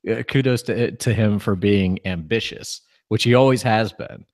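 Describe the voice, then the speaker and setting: A man's voice: fairly low pitch, moderate pace, darkish tone, no room sound, clean studio sound. A man with a Philadelphia accent co-hosting a casual beer review podcast, laid-back and joking. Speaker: podcast co-host.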